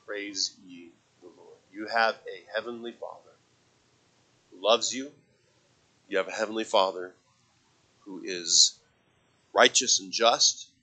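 A man preaching a sermon, swinging from loud impassioned passages to soft, quiet reflection and quoting scripture in old-fashioned wording. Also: on the low side, unhurried, pauses often, rough recording.

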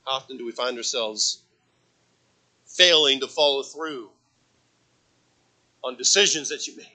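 A man preaching a sermon as pastor, repeating phrases for emphasis and swinging between loud emphatic peaks and hushed low passages. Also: a little slow. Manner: repeats phrases for emphasis, asks the congregation for amens.

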